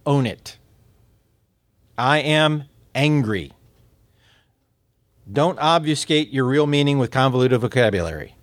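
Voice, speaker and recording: A man lectures a class on communication in an average-pitched voice. He is lively and laughs often, and he keeps asking his listeners questions. His words often stumble and repeat, and the sound is dry and close with no room echo. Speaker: instructor.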